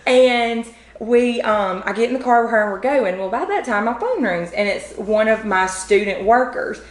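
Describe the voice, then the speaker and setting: A woman's voice: a little high, moderate pace, slight background noise. Chatty woman in a roomy space. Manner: chatty, animated, many fillers. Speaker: podcast guest. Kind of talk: casual storytelling. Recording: roomy echo.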